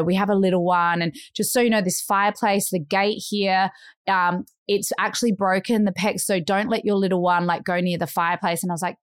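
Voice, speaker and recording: An Australian woman in her thirties, co-hosting a podcast, tells a story in casual conversation with a medium-pitched, clean voice. She's animated, imitates other people's voices and uses "like" a lot, captured in a dry, clean studio recording.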